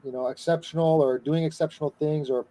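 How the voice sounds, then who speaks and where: A man hosting a podcast, chatting casually in a relaxed way and swearing offhandedly. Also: a little high, fast talker. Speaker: podcast host. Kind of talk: casual chat.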